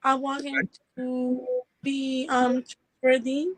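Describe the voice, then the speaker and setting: A young woman answering podcast questions hesitantly, with many pauses and ums. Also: high voice, completely flat delivery, no room sound, rough recording. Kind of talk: casual podcast talk.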